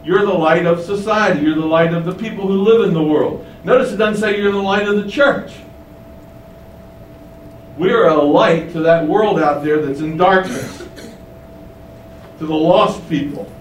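A man's voice: sits high, moderate pace, pauses often. Emphatic male preacher in a roomy hall. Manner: emphatic preaching with rhetorical questions. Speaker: pastor. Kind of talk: sermon. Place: windowless room. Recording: roomy, distant mic, faint hum.

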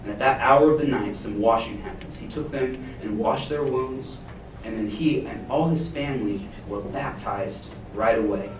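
A man preaching a sermon, retelling a Bible story and acting out its characters' panic with lively emphasis. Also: mid-range voice, normal speed, background noise. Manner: expressive, acts out the jailer's panic in a paraphrase. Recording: echoey room, heard from a distance.

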